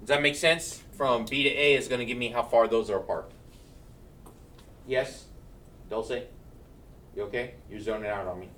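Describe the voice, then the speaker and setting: A man's voice: medium pitch, fairly even intonation, moderate pace, pauses often, a bit bright, far from the mic, a little hiss or hum. A male math teacher giving a classroom lecture, checking in with his students and joking between steps. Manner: keeps checking in with "right?", joking asides.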